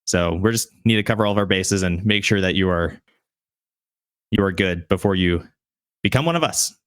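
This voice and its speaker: Man as a friendly gate guard, pitched a bit up, cheerfully hesitant. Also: moderate pace, no room sound, clean studio sound, close to an everyday voice. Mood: welcoming. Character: friendly male city gate guard, overly welcoming.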